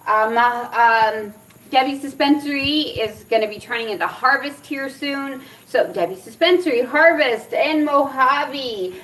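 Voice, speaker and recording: A woman's voice: high voice, unhurried, far from the mic, poor audio. A middle-aged woman vlogger from Arizona who tells a funny story with lots of laughter, then reviews a product in a casual chat. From Arizona, USA. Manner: animated, laughs often while telling stories.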